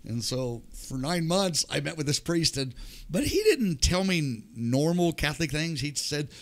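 A man's voice: fairly high pitch, sing-song, unhurried, a bit bright. An older man, a podcast guest, telling his personal testimony with animation and acting out the voices of people in the story.

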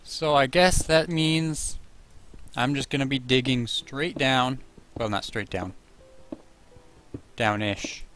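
A man's voice: mid-range voice, takes it slowly, pauses often, fairly bright tone. A man casually commenting on his own gameplay, chatting to himself and yelping at monsters.

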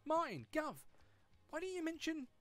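A man putting on an impression of a gruff football manager, voicing a viewer's mock complaint in a jokey tone. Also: very high-pitched, sing-song, moderate pace, a bit bright, dry recording, soft background music, voice pushed up, full character voice. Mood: teasing.

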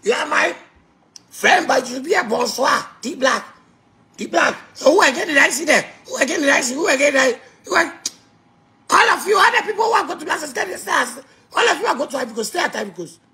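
A man with a Ghanaian accent ranting angrily, shouting and mocking with laughs between jabs. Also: very high-pitched, animated, a little fast. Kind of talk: angry ranting monologue.

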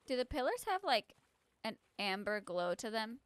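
A young woman playing a co-op game, excitable, gasping and squealing at the scares. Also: on the high side, moderate pace. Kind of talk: casual co-op gameplay chat.

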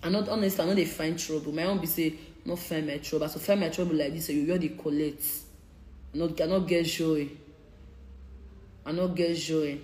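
A woman's voice: low-pitched, fairly even intonation, a little fast, darkish tone, roomy sound, slight background noise. A young woman in her twenties with a Nigerian Pidgin English accent, confronting critics in a heated, repetitive live-stream rant. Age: 20s. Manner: confrontational, repeats her points. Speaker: social media personality.

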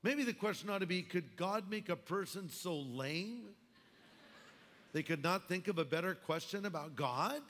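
A man's voice: high voice, animated, normal speed, a bit bright. A man preaching a sermon as pastor, emphatic with wry asides. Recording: long hall reverb.

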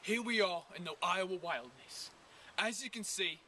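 A man hosting a parody survival show outdoors in the woods, with deadpan how-to narration that breaks into comic ranting. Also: high voice, moderate pace, far from the mic. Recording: outdoor recording with clear background noise.

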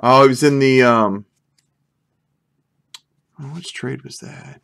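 A man's voice: medium pitch, slow, gravelly, a bit bright, smooth. A young man chatting casually while opening packs of cards, rambling and joking as he calls out what he pulls. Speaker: card break host. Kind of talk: casual live card-break commentary.

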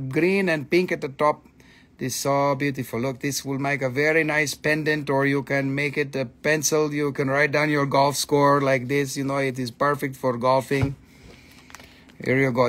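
Excitable cussing man hosting a live sale. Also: a little high. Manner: excitable, profane, joking with viewers. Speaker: host selling minerals on a livestream. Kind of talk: casual live sales chat.

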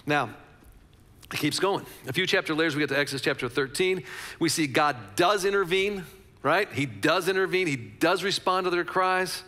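Pastor guy giving a chatty sermon, bright fairly high voice, long hall echo. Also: animated, normal speed. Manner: conversational, repeats phrases for emphasis.

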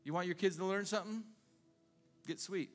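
A man's voice: high-pitched, moderate pace, faint music behind. A male pastor preaching a sermon in a conversational way, asking the congregation rhetorical questions again and again.

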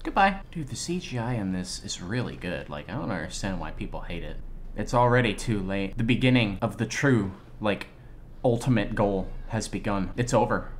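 A man giving excitable, slangy live reaction commentary on an anime episode, exclaiming and swearing often. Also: on the low side, normal speed, slight background noise.

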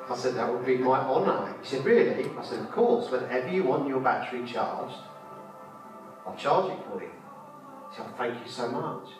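A man preaching at a conference, fervent and repetitive, shifting between loud exhortation and quiet storytelling. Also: mid-range voice, big pitch swings, unhurried, long pauses. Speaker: street preacher. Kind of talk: conference sermon. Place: large conference hall. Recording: echoey hall from a distance with faint music.

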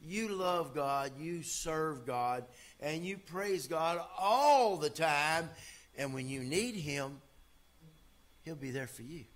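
A man preaching a sermon as pastor, folksy and emphatic, swinging from loud to quiet. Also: fairly high pitch.

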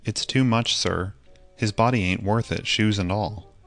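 A man's voice: on the low side, a little slow, vocal fry, fairly bright tone, faint music behind. A man reading an audiobook voices a humble working cab driver who speaks plainly and respectfully. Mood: earnest.

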